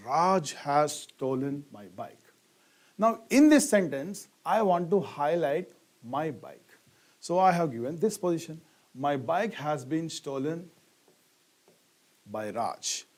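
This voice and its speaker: This middle-aged Indian man has a slightly high, darkish voice. He teaches a grammar lesson, putting questions to the class and answering them himself while stressing key words heavily.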